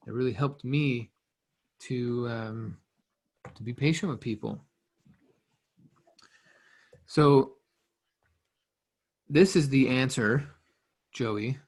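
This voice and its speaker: A man's voice: mid-range voice, a little mellow. A man coaching a listener in a loose, conversational way, often repeating phrases and restarting sentences. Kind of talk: casual motivational teaching.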